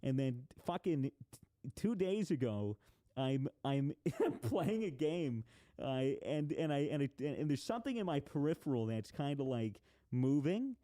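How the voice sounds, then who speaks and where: A man hosting a casual chat with friends, swearing freely and telling animated stories. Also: a little high, a little slow. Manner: profane, animated storyteller. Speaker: podcast host.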